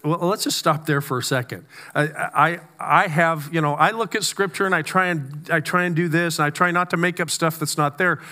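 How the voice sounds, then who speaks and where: A man preaching a conversational sermon, with stammered restarts and slow, weighty emphasis on key words. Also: on the high side, bright, forceful tone. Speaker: pastor.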